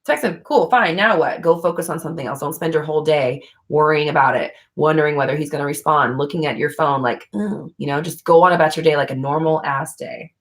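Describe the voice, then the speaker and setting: A woman's voice: low voice, fast talker, few pauses. A woman hosting a livestream, answering viewer questions in a blunt, frank casual chat, swearing freely. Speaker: livestream host.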